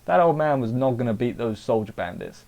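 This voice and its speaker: A man's voice: medium pitch, very animated, fairly quick, vocal fry, a little mellow, dull audio. Chatty Englishman rambling through a review. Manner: rambling, chatty, self-interrupting. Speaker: anime reviewer. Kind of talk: casual episode review.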